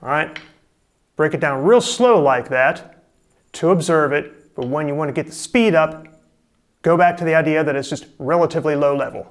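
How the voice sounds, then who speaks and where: A man teaching a drum lesson on camera, coaching calmly and step by step. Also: fairly high pitch, moderate pace. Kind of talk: instructional video lesson.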